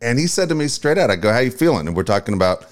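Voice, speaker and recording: A man's voice: medium pitch, big pitch swings, rapid-fire. Middle-aged san diego guy, medium voice, moves around a lot, easygoing podcast banter. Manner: laid-back banter, interjects questions. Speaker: podcast co-host. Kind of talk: casual chat. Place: studio.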